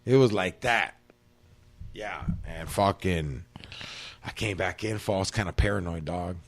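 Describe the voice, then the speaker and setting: A man hosts a loose podcast chat. He tells his stories in an animated way, full of slang and swearing. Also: low voice, measured pace. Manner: slangy, profane, animated storytelling. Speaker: podcast host. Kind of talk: casual storytelling chat.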